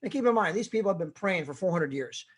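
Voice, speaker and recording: A man's voice: high-pitched, animated, fast, slight background noise. Man preaching motivation, tag questions. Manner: storytelling with frequent tag questions; exhorting, rising emphasis. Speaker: motivational speaker. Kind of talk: motivational sermon-style talk.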